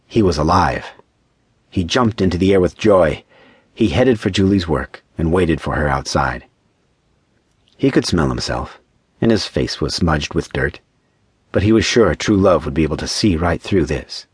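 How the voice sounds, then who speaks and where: A male audiobook narrator with a very low, husky voice reads a story in a measured, even way. The close mic gives a dry, dead sound with no room around it. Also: no echo. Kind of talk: scripted narration.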